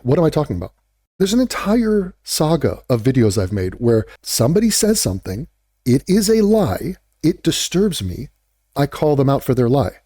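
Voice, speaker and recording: A man's voice: medium pitch, sing-song, moderate pace, mellow, no room sound, clean studio sound. Blunt, sarcastic man ranting. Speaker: online video creator. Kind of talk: ranting commentary vlog.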